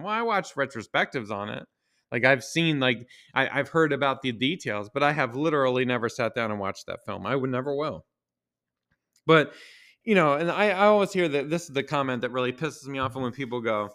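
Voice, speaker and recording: A podcast host with a fairly high, slightly bright voice talks a little fast and animatedly. He delivers a casual, exasperated ranting monologue packed with swearing and rhetorical questions.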